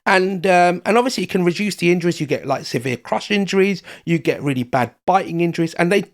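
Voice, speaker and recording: An Englishman calling in from his London flat as a comic guest correspondent, telling jokes in a mock-serious way. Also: high-pitched, fast. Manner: mock-serious, joking storyteller. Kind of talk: comic call-in banter.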